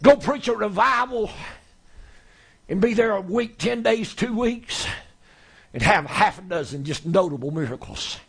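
A preacher, a man with a high, gravelly voice and a husky edge, spins a folksy story from the pulpit. His telling swells into shouting at its peaks. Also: animated, unhurried, pauses often. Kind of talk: storytelling sermon.

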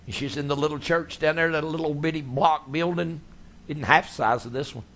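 A man preaching a sermon, telling his stories in a folksy, animated way. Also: on the high side, fairly quick. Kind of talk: sermon storytelling.

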